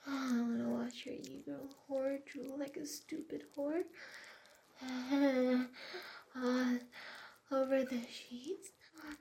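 Young woman for adult audio role-play: slow, mellow, breathy, slipping into whispers. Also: high voice, fairly even intonation.

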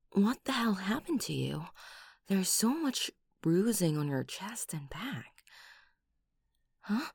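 A woman plays a doting, protective lover who kills for her partner in a whispered role-play, mixing breathy whispers with sudden loud outbursts close to the mic. Her voice is lowish and fully in character, with no room sound.

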